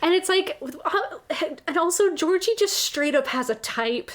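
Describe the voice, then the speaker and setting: A young woman co-hosting a podcast, chatting casually and rambling excitedly about a story she loves. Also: very high voice, unhurried. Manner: rambling and excitable, acts out characters' lines. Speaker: podcast co-host. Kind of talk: casual fan chat.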